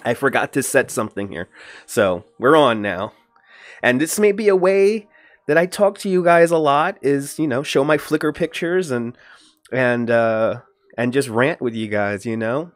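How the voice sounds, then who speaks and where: A man chatting live to his viewers from home, loose and rambling as he greets them one by one. His voice is dry and close, with no room sound around it. His pitch sits in a middle range but leaps up when he gets worked up. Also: lively intonation, unhurried, dry recording. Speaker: livestream host. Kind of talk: casual livestream chat.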